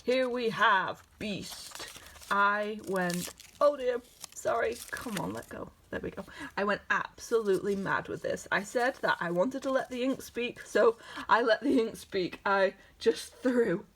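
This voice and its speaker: A young woman, an artist, showing her sketchbook in a casual, chatty vlog. She is excitable and scattered and keeps breaking off mid-sentence. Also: medium pitch, a little slow, a little hiss or hum. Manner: excitable, scattered, self-interrupting.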